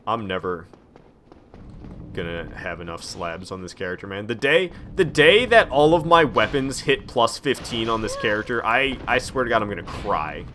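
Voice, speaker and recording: A man's voice: on the low side, moderate pace, a bit bright, slight background noise. A young man streaming a video game at home, rambling casually and reading chat messages aloud.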